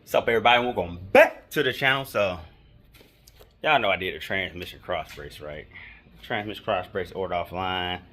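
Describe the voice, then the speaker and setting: A man's voice: low-pitched, normal speed, bright, forceful tone. A man hosting his car DIY channel, talking viewers through a repair step by step in a laid-back, slangy way while working on the car in a garage. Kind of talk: casual how-to vlog.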